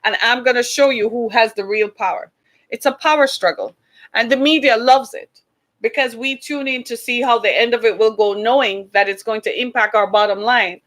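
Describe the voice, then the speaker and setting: A woman's voice: on the high side, fairly bright tone. A woman hosting an online show, talking earnestly to her viewers, with preachy repeated calls for them to listen. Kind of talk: impassioned livestream talk to viewers.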